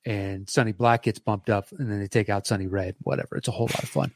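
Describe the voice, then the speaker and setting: A man's voice: fairly low pitch, fairly even intonation, fast talker, no echo. A man in casual podcast talk, rambling enthusiastically about a movie he loves, with frequent restarts. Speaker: podcast co-host. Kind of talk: casual film discussion.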